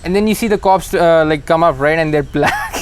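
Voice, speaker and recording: A man's voice: on the high side, a little fast, noisy background. A young man from India co-hosting a casual comedy podcast, wry and chuckling as he tells anecdotes. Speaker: podcast co-host.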